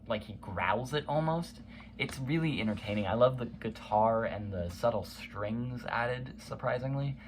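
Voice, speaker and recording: A man's voice: medium pitch, lively intonation, normal speed, a little hiss or hum. A young man casually counting down his favorite songs, enthusiastic, humming and scatting bits of the music. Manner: enthusiastic, hums and scats song parts, many fillers. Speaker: music reviewer. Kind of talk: casual spoken countdown review.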